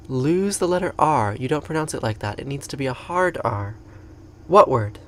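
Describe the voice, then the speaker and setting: A woman with an English accent hosting a spiritual livestream, talking casually and softly between chants, often chuckling. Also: rumbling low, animated, slight background noise. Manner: unhurried, soft-spoken, chuckles between remarks. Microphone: home livestream setup.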